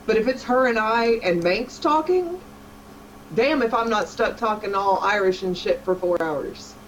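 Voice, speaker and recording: A woman's voice: medium pitch, animated, measured pace, low-quality recording. A sassy woman, co-hosting a casual online stream. She teases and banters freely. A faint hiss of noise sits under her voice. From Texas. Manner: sassy, teasing. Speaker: co-host.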